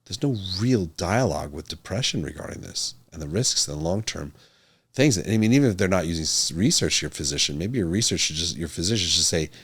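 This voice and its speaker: A middle-aged man talks straight to a camera as a doctor hosting his own show. He is earnest and emphatic and hammers his main points by saying them again. His voice sits a little low. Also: lively intonation, fairly quick, a bit bright, husky. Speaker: physician and podcast host. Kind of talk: casual talk to camera.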